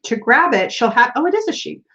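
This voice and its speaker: A woman's voice: a little high, sing-song, fairly quick, sharp tone, muffled recording. An American woman hosting a tarot live stream, chatting casually, giggling often and reading viewer comments aloud. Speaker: tarot livestream host.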